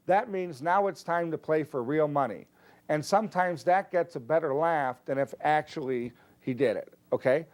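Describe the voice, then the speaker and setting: A man teaching a card trick, calmly explaining each move step by step and acting out his stage patter. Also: on the high side, moderate pace. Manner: relaxed, explanatory, steps through moves one by one. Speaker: magic teacher. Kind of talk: instructional explanation with performed patter.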